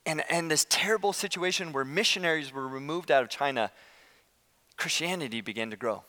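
A man preaching a sermon as pastor, impassioned, swinging from loud declarations to hushed, slow appeals. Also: fairly high pitch, big-room sound.

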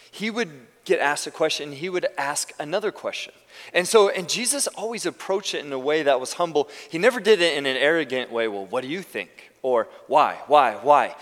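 A man's voice: on the high side, a bit bright. Man preaching in a reverberant church. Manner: conversational preaching with frequent restarts. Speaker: pastor. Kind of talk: sermon. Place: church sanctuary.

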